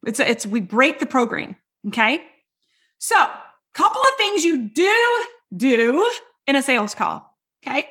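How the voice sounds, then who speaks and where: A woman with a high voice teaches in a loud, hyped-up way. She is emphatic and keeps checking in with her listeners as she coaches them. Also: very animated, unhurried. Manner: talks straight to listeners with frequent checks like "right?" and "okay?". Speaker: business coach and podcast host. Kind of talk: energetic teaching talk.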